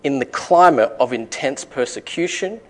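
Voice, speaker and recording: Brief: male preacher, middle pitch, emphatic sermon delivery with rhetorical questions. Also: lively intonation, normal speed. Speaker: pastor.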